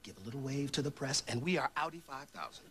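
A man's voice: medium pitch, animated, a bit bright, close to an everyday voice. An actor playing a brash, self-important male Secret Service agent who talks in blustery bursts. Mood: boastful. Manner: boastful, fast bursts of bluster.

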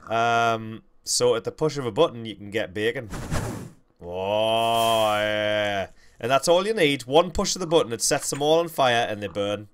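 A man's voice: medium pitch, lively intonation, fairly quick, hardly any pauses, a little hiss or hum. A young man, hosting a game livestream with rambling, self-correcting, jokey commentary. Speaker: gaming livestream host.

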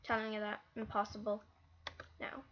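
A female host giving live gameplay commentary, excitable and easily frustrated, with lots of exclamations. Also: mid-range voice, normal speed, lo-fi sound. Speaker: gaming channel host.

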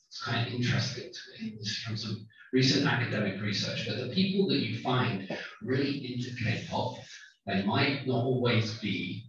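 Man, guest lecturer, casual and joking, Korean phrases mixed in, mid-pitched, roomy echo, distant mic. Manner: chatty and humorous, drops in Korean phrases. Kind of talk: public lecture. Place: lecture hall. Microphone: microphone, far from the recorder. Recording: echoey distant dull hall recording.

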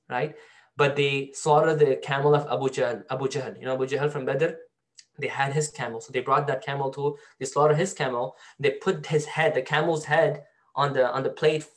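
A male teacher giving a storytelling Quran lesson to a class, often asking students questions. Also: mid-range voice. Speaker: Islamic studies teacher.

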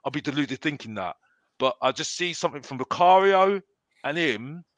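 A man's voice: fairly high pitch, expressive, normal speed, a bit bright, no echo. A man chatting casually as a fan panelist, rambling with many restarts and repeated phrases.

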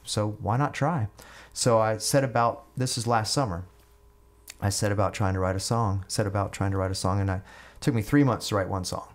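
Middle-aged male podcast guest; low voice, rambling storyteller who restarts lines. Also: fairly quick. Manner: rambling, repeats and restarts words. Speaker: guest musician. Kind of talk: casual storytelling.

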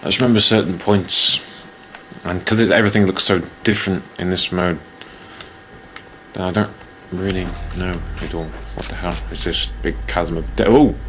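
Male let's play host, low voice, chatty and self-mocking, steady hiss behind him. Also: normal speed. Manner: rambling, self-mocking, jokey. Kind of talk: casual gameplay commentary.

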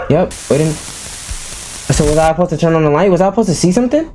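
A man's voice: a little high, lively intonation, fairly quick, darkish tone, a little hiss or hum. A man who is a gaming YouTuber gives jumpy, exclaiming commentary full of casual slang while playing a horror game.

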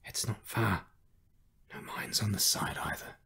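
A man narrating an audiobook, voicing a frightened old civilian man who talks in a hushed, trembling way. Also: medium pitch, lively intonation, moderate pace, vocal fry, husky, full character voice.

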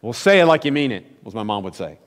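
A man's voice: mid-range voice, very animated, fast. A man preaching a sermon as pastor, telling stories conversationally with emphatic, rising peaks. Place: church sanctuary. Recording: long church hall reverb.

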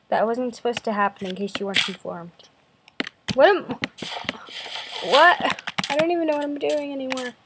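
Fairly high-pitched and heard over background noise, this young female gaming host gives casual commentary while playing in her bedroom at home. A slight cough from her cold comes through as she chats in a self-deprecating, jumpy way.

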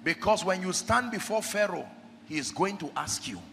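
A man preaching an impassioned sermon, often shouting, with sing-song delivery. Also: high-pitched, animated, normal speed, gravelly, a little hiss or hum. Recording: echoey hall with faint music.

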